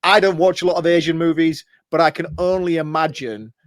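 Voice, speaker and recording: A man co-hosting a podcast, chatting casually about a film in an excitable, rambling way and laughing often. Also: on the high side, fairly quick, no echo, clean studio sound. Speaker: podcast co-host.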